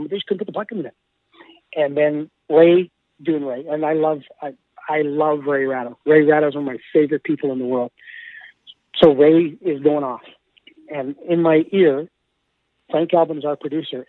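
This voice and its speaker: A man recounts stories from the broadcast booth with excitable energy, laughing and repeating words as he goes. His voice sits on the higher side. The sound is thin and phone-like, with no room around it. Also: dry recording. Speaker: hockey broadcaster. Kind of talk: animated storytelling. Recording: tinny phone-like line, dry.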